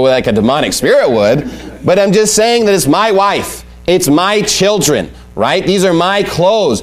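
A man preaching a sermon, emphatic and repeating his key points as he reads scripture aloud. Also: fairly high pitch. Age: adult with young family.

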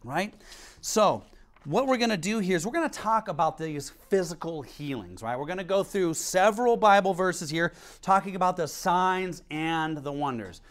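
A man's voice: high-pitched, moderate pace. A man preaching a sermon as pastor, telling stories animatedly and reading scripture aloud. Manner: animated storytelling, acts out quotes, reads scripture.

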